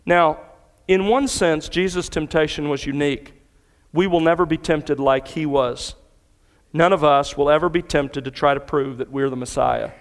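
A man's voice: a little high, normal speed, big-room sound. A man preaching a sermon to his congregation in earnest, building emphasis through repetition. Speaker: pastor. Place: church sanctuary.

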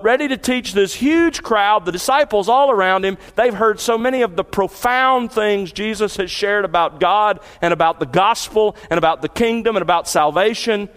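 A middle-aged man preaching an expository sermon. He slows down to stress key words and grows more excited as he builds a scene. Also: high voice. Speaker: pastor.

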